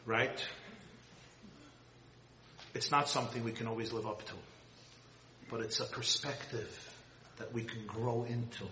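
A man giving an impassioned sermon, swinging from loud high cries to hushed low tones. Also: steady tone, measured pace, pauses often, a little hiss or hum. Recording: roomy hall with long reverb.

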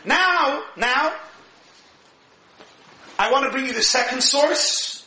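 A man with a notably high, bright voice teaches a Torah lecture. He talks in an animated, emphatic way and laughs often as he explains. The room around him sounds echoey. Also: slow pace. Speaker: rabbi teaching Torah class.

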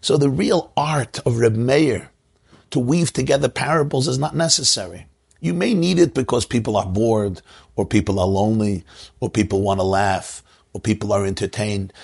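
A man's voice: mid-range voice, vocal fry, darkish tone, breathy edge. A man teaching a Torah lecture, a rabbi who tells stories, chuckles often and repeats his key phrases.

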